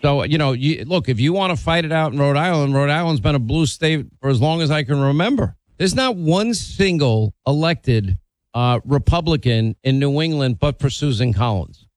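A man's voice: on the high side, expressive, moderate pace, dry recording. A middle-aged man hosting a call-in radio talk show, blunt and opinionated, teasing his callers.

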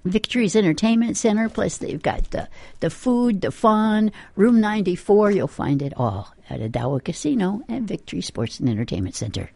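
A woman rock radio DJ chats through the weather and ads in a rambling way, using lots of fillers. Her medium-pitched voice swings widely in pitch at normal speed, mellow with vocal fry, recorded on a studio microphone with no room sound.

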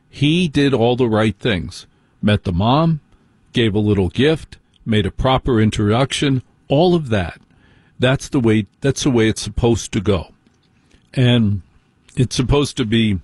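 A man's voice: medium pitch, breathy edge, dry recording, clean studio sound. A man hosting a call-in radio show, giving opinionated dating advice with playful asides. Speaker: radio host.

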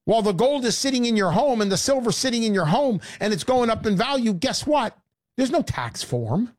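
A woman hosting a sarcastic, animated sales pitch monologue. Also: a little fast.

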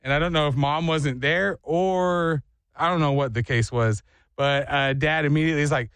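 Young male morning radio host, slightly high, animated storyteller, dry studio sound. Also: moderate pace, clean tone, no room sound. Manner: lively storyteller, animated voices in anecdotes. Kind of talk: casual morning radio chat.

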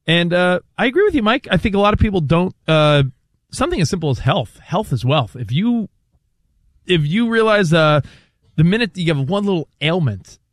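A man's voice: high voice, animated, normal speed, no room sound, studio quality. Playful, upbeat male radio co-host. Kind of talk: casual studio banter.

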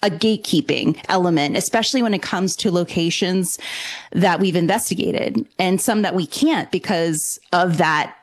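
A woman's voice: fairly low pitch, normal speed. Enthusiastic woman from New Orleans. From New Orleans, USA. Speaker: guest paranormal investigator. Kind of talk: call-in radio interview.

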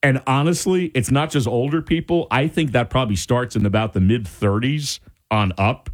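A male radio talk show host giving his indignant opinions in an animated way. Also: medium pitch, normal speed. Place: radio studio.

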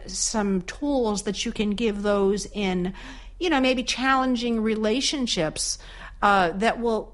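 A woman hosting a podcast interview, chatty and relaxed, with frequent fillers and restarts as she frames her questions. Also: medium pitch. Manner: chatty, many fillers and restarts, laughs easily. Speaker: podcast host.

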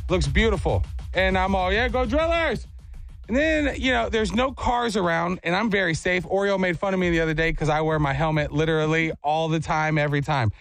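High-voiced guy w a gravelly edge, animated storytelling, dry close mic. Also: quick pace, hardly any pauses, no room sound, soft background music. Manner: animated, acts out quotes, jokey. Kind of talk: casual storytelling.

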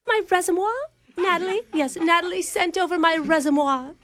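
A woman's voice: very high voice, very animated, slow pace, pitched above the performer's own voice, heavily acted. A woman voicing a pretend posh British job applicant with a hammy, plummy put-on accent. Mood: haughty. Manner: hammy, giggling through the bit.

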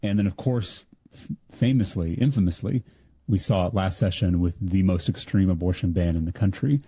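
A man giving an earnest, measured campaign speech as a political candidate. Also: low voice, dark tone, husky, dry recording.

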